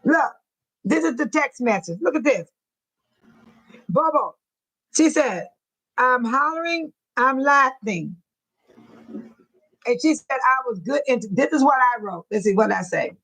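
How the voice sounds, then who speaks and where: A woman's voice: high-pitched, expressive, measured pace, pauses often, fairly bright tone, breathy edge, rough recording. A woman hosting a livestream, chatting casually to her viewers, repeating herself and laughing often. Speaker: livestream host.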